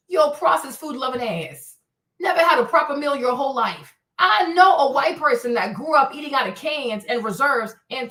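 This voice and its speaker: A high-pitched woman with a bright, sharp voice hosts a livestream and taunts the chat with profane, repetitive jabs. She sits some distance from the mic in an echoey room. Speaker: livestream host. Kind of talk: live-stream rant answering chat.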